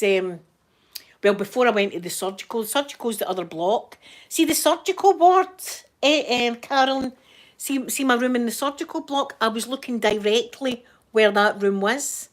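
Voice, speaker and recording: A Scottish woman with a Glasgow accent hosts her channel in a casual livestream, rambling chattily and using Scots words. Her voice is a little high and her pace moderate.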